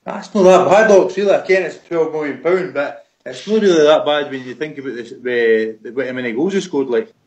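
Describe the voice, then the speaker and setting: A Scottish man on a fan radio panel, making his case about a player with quick restarts over an online call. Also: on the high side, a little mellow, poor audio. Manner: quick, talks in restarts, argumentative. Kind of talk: casual football chat. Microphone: online group call.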